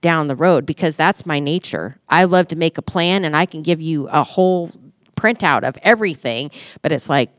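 A woman with a fairly low voice shares her story as a podcast guest in a dry studio. She talks casually and brings her inner dialogue to life with animated delivery. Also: moderate pace, no echo. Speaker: podcast guest, church staff member.

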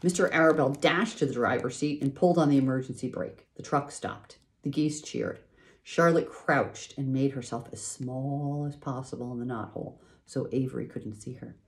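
A woman reading a children's book aloud, in an expressive, lively way. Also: very deep voice, moderate pace. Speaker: reader.

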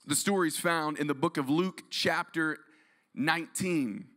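Bright-voiced energetic preacher man. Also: on the high side, a little slow. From Dallas-Fort Worth, Texas. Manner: energetic, storytelling, audience call-and-response. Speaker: guest pastor. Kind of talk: sermon. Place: large room used as church.

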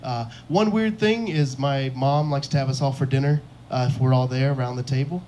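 A man's voice: mid-range voice, moderate pace, mellow, slight background noise. Young man doing self-deprecating stand-up. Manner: self-deprecating, chuckles at his own jokes. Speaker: stand-up comedian. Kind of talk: stand-up comedy set. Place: comedy club stage.

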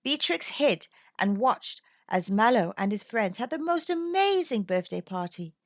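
A woman's voice: on the high side, measured pace, no room sound. Lilting woman reading a children's story. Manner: expressive, lilting, gentle. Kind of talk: children's picture-book read-aloud. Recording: dull dry recording.

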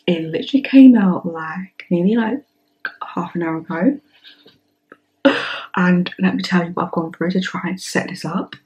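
A woman in her twenties hosting a song reaction vlog, gushing and excitable, sometimes dropping to breathy whispers. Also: on the low side, normal speed, pauses often, dull audio. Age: 20s. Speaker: reaction channel host.

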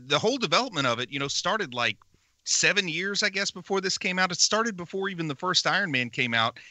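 A man's voice: a little high, sharp tone, no room sound. A man co-hosting a movie podcast, sharing background facts in casual chat. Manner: informative, trivia-minded, hedging. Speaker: podcast co-host.

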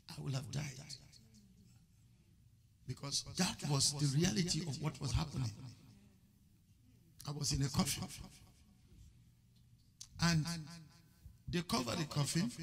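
A man preaching a testimony sermon, telling his story and breaking into loud shouts. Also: fairly high pitch, creaky.

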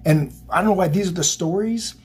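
A man's voice: high-pitched, a little fast, a little mellow, husky. A man giving a psychic tarot reading, emotional and motivational, rambling and repeating himself. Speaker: tarot reader.

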